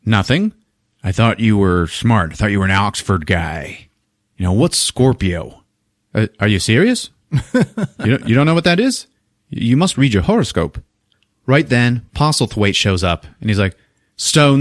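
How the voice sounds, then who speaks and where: A man's voice: fairly low pitch, animated, a little slow, long pauses, no echo, studio quality. A man co-hosting a podcast, retelling a movie scene by scene in casual chat, swearing freely and acting out the characters' lines. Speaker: podcast co-host recapping a movie.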